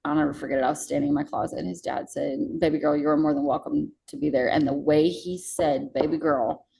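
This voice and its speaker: Low, gravelly-voiced woman telling her story. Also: steady tone, fast, warm tone, low-quality recording. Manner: candid, swears freely. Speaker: podcast guest. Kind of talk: casual emotional storytelling.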